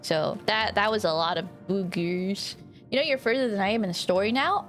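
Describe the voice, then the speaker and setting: High-voiced giggly woman streamer. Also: sing-song, a little fast, faint music behind. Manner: chatty and giggly, swears casually. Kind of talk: casual livestream chat while gaming.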